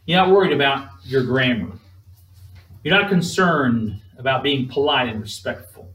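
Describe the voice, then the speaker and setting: A man preaching a sermon in a measured, emphatic way, drawing spoken responses from the congregation. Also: medium pitch, animated, a bit bright. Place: church sanctuary. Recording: echoey room, distant mic.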